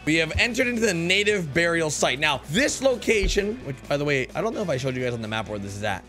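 A young man giving excitable gameplay commentary, calling out to his viewers and exclaiming at what he finds. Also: a little high, quick pace, faint music behind. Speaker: gaming YouTuber.

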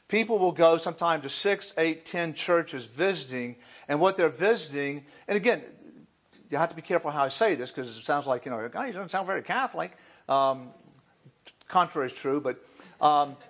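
Folksy priest giving a lecture. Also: male voice, on the high side. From Florida. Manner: folksy and digressive, with asides and fillers. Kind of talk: academic lecture.

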